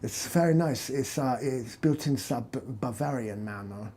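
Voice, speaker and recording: A man's voice: medium pitch, normal speed, warm tone, a little hiss or hum, lightly acted. A man doing a pompous German psychoanalyst. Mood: indignant. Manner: stiff, formal, fussy and easily offended.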